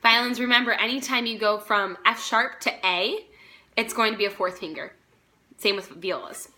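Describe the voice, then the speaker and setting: A woman's voice: mid-range voice, normal speed, sharp tone. A woman teaching a string practice lesson, patiently naming notes and counting the players in. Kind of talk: practice video instruction. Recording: violin playing behind. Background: violin music.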